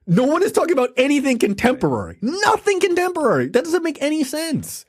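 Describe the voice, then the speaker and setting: Animated high-voiced man reviewing a movie. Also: fast talker. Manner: animated, profane, laughing. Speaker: podcast co-host. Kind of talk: casual review chat.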